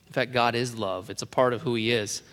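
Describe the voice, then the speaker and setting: A man's voice: medium pitch, fairly even intonation, brisk. Earnest man preaching in a hall. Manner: earnest, repeats key phrases, drops to soft endings. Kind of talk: sermon.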